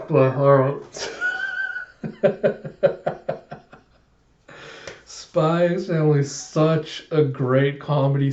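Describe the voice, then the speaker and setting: Guy chatting through a manga recap, mellow voice, roomy dull lo-fi mic. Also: mid-range voice, a little hiss or hum. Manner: chatty, retells scenes with "he's like". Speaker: manga reviewer. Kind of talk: casual chapter recap. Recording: echoey room, dull lo-fi sound.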